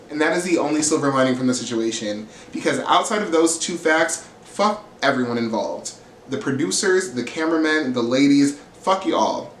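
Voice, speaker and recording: A man's voice: fairly high pitch, fairly bright tone. A man recapping a reality TV episode in a casual, blunt and sassy way, cursing freely. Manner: sassy, blunt and profane, acts out quotes. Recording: roomy echo, faint ambient hiss.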